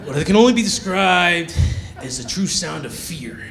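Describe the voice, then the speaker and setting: A male stand-up comedian telling a story on a comedy club stage in an animated way, acting out the characters. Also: a little high, moderate pace, music in the background.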